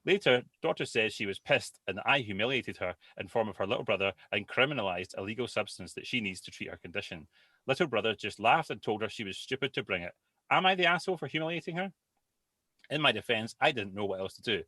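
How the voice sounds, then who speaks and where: Bright, dry-sounding man reading aloud. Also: lowish voice, animated, quick pace, no room sound. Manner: stumbles over words, restarts. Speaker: podcast co-host. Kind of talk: reading a listener's post aloud.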